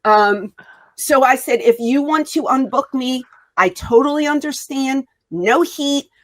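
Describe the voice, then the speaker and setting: A woman's voice: high voice, a little slow. A woman guest in an interview, telling a story and acting out the dialogue as she goes. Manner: animated, acts out quoted dialogue. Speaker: wrestling guest.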